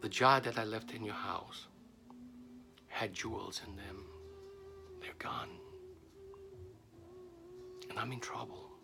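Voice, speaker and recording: A man voicing a traveling friend who returns to claim his jar, talking with cheer and then with quiet pleading. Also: lowish voice, slow pace, creaky, pauses often, music in the background. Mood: distressed.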